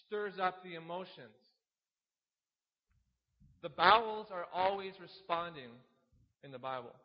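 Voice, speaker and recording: A man's voice: high-pitched, in a large hall, lo-fi sound. A man preaching a sermon, teaching earnestly, reading scripture aloud and posing rhetorical questions.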